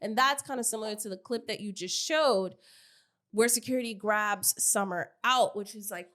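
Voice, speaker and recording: A woman co-hosting a podcast, casually recapping a reality show with animated retelling and free swearing. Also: medium pitch, normal speed. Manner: animated retelling, acting out quotes, swears freely. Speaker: podcast co-host.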